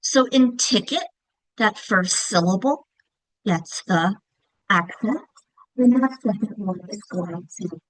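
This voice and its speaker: A woman's voice: medium pitch, lively intonation, slow pace, no echo, rough recording. A woman teaching reading instruction to teachers, patient and checking in often with "okay?" and "right?". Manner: demonstrates words by whispering, clapping and calling out. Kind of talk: teacher training lesson.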